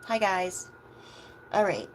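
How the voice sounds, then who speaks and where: A woman chatting casually on a livestream as a tarot reader, meandering with soft asides. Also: mid-range voice, big pitch swings, takes it slowly, slight background noise, low-quality recording.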